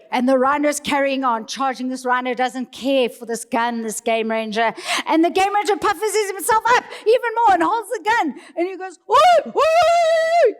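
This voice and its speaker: A woman giving a motivational talk on stage, telling a story with dramatic flair and speaking to the audience. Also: fairly high pitch. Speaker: keynote speaker. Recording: reverberant hall.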